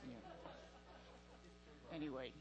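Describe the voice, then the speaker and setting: A man doing a stand-up set in a comedy club, deadpan and halting with fillers. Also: dull audio, over music.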